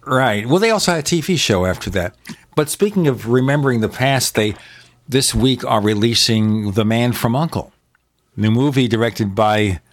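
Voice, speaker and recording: A man's voice: medium pitch, moderate pace. An older American man co-hosting a casual chat, telling movie and TV trivia with enthusiasm. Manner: chatty, enthusiastic storyteller. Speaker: co-host.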